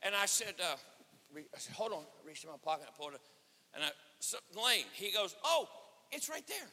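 A man preaching at a conference, telling a story with acted-out dialogue and rising to shouts. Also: a little high, fairly quick. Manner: animated, acts out dialogue, swells to shouting. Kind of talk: sermon storytelling. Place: church or conference hall. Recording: reverberant hall.

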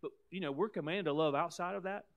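A pastor in the middle of a sermon, a man with a slightly higher-pitched voice. He preaches emphatically, often repeating words. He swings between loud, pressing points and quieter, softer lines. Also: fast talker.

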